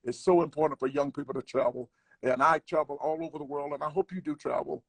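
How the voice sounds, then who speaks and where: A man's voice: a little high, quick pace, vocal fry, no echo. An older man, a comedian, telling a travel story in casual conversation, acting out the people he quotes. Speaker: guest comedian.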